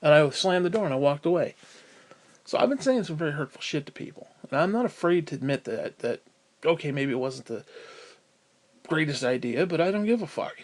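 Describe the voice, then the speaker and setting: A man with a high-pitched voice rants to camera in pain and full of profanity. He swings from loud, heated outbursts down to low, bitter mutters. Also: expressive, a little fast. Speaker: vlogger. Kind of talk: profane ranting monologue.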